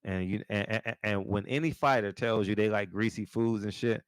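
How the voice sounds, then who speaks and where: A man's voice: on the low side, fairly even intonation, moderate pace, clear, resonant tone, no room sound. A man hosting a live call-in show, talking in a laid-back, slangy way and laughing often. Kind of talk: casual live-stream chat.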